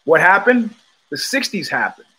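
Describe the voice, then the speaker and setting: A man hosting his own show, talking in a casual, animated monologue full of emphatic restarts. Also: high-pitched, normal speed, poor audio. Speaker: host.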